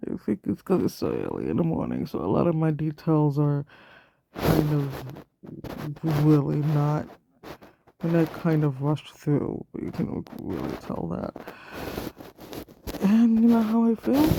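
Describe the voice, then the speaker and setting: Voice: medium pitch, vocal fry, noisy background. A self-taught artist vlogger talking casually while drawing, ranting defensively and swearing often.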